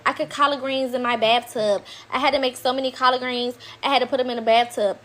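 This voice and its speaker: Indignant high-voiced woman ranting. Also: steady tone, quick pace, fairly bright tone. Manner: indignant, emphatic, profane, repeats points. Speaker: woman in a played video clip. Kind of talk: heated monologue.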